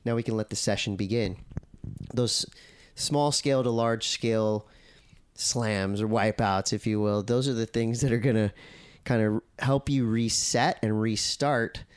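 A man chatting as a podcast guest, animated and acting out his own quoted thoughts. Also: on the low side, measured pace, clean tone, no echo, clean studio sound. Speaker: podcast guest, surf commentator and editor. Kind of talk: casual podcast conversation.

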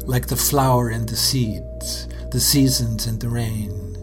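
A man giving a hushed, contemplative literary reading, with faint music behind him. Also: medium pitch, fairly even intonation. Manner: slow, hushed, contemplative delivery. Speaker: essay reader.

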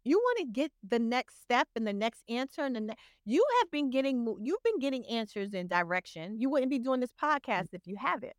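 A woman with a fairly high voice, talking as a guest on a podcast. She speaks in an earnest, motivational way, urging the listener on. The recording is dry and close. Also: expressive, fairly quick, few pauses, clear, resonant tone, no room sound. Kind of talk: casual podcast conversation.

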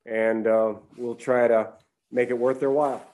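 A man's voice: mid-range voice, little pitch movement, a little slow, a little mellow. An older man co-hosting a sports podcast, earnestly reminiscing in casual talk. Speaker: sportswriter co-host.

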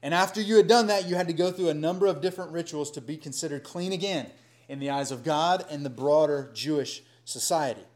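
A middle-aged man preaching a sermon in a conversational, animated way with folksy asides. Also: on the high side, fairly quick. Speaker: pastor.

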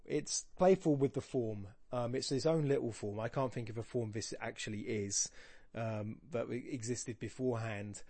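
A man's voice: medium pitch, gravelly, warm tone, no echo. A man hosting a poetry podcast, giving a rambling, self-deprecating spoken analysis full of jokes and restarts. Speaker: podcast host discussing poetry.

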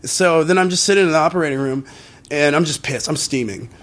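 A man, a podcast guest and musician, telling a personal story in casual conversation, full of fillers and swearing, and jumping into higher, louder voices when he quotes people. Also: fairly quick. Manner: animated retelling with frequent swearing and fillers.

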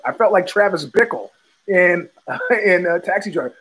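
A man with a fairly high, husky voice talks in a loose, rambling monologue as the host of his own show. He stops and restarts, repeats words, and chuckles between thoughts. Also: lively intonation, normal speed, a bit bright, rough recording. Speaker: podcast host.

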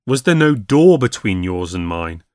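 A man's voice: fairly low pitch, very animated, unhurried, darkish tone, dry recording, clean studio sound. A man voicing a nervous, eager young traveller in a spoken ghost story.

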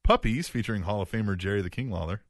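A man's voice: lowish voice, quick pace, no room sound, clean studio sound. Male co-host reading wrestling news. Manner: reads news items aloud with mock gravity. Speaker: podcast co-host. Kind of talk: casual comedic podcast chat.

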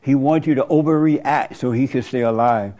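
A man's voice: medium pitch, normal speed, mellow, muffled recording. A man hosting a casual, preachy monologue, rambling and colloquial, often laughing at his own remarks.

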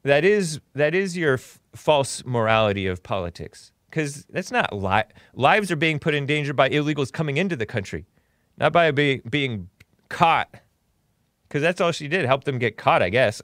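A man's voice: medium pitch, expressive, normal speed, a bit bright, no room sound, studio quality. A man hosting a political call-in talk show, blunt and opinionated, rambling with sarcastic asides.

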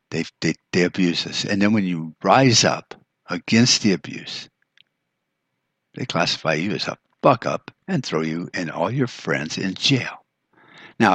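A very low, husky man rants on his podcast, swearing freely and turning sarcastic as he goes. The sound is dry and close, with little room around it. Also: a bit bright, no room sound. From United States. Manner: angry, profane, sarcastic ranting. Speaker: podcast host. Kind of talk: ranting monologue.

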